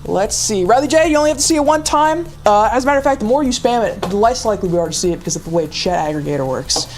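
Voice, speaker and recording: High-voiced excitable woman streamer. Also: very fast, soft background music. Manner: excitable, laughs often, teasing. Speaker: streamer co-host. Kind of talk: casual livestream game chat.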